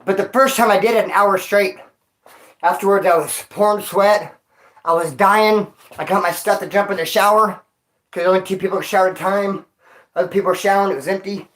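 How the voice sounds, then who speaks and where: Still winded after a workout, this male vlogger talks into his phone in street slang, calling the listener dog and homie as he tells stories on a casual vlog. His voice is high, a bit bright and steady, and moves fairly quickly.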